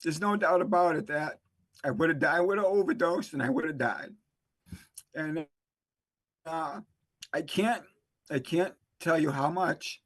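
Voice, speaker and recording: A man telling his recovery story in a halting, emotional way, full of fillers and restarts. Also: fairly high pitch, a bit bright, dry recording. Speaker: interview guest, recovery specialist. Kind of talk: emotional personal testimony.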